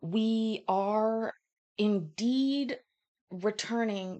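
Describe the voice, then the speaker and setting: A woman's voice: mid-range voice, extremely slow, dark tone. Chatty woman hosting a casual livestream. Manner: chatty, rambling, frequent fillers. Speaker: livestream host.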